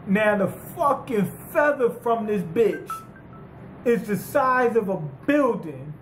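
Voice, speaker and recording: A man giving a casual, profane manga chapter review, rambling and excitable with lots of fillers. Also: sits high, slow pace, echoey room, soft background music, rough recording.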